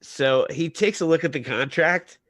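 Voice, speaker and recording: A man's voice: a little high, normal speed, fairly bright tone, dry recording. A man playing a tabletop game, describing his character's actions hesitantly and with many fillers. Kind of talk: casual tabletop game chat.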